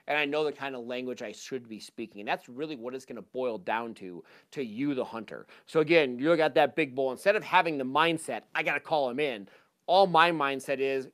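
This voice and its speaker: A man presenting a live talk to an audience on a handheld mic, casual and energetic, with lots of fillers. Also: medium pitch, smooth. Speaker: hunting seminar presenter.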